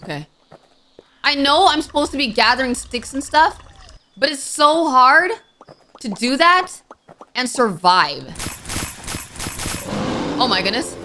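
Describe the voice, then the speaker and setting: A woman's voice: high voice, lively intonation, takes it slowly, pauses often, pushed and bright, a little hiss or hum. A woman giving let's-play commentary, jumpy and flustered. She keeps crying out in alarm and pleads with the game under pressure. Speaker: gaming YouTuber. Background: game music.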